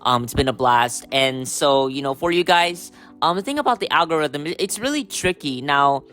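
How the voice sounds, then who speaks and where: A man hosting a casual solo podcast, hoarse from a cold, rambling with lots of fillers and throat-clearing. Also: fairly high pitch, expressive, normal speed, a bit bright, soft background music. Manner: rambling, full of "you know" and "um", throat-clearing. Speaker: podcast host.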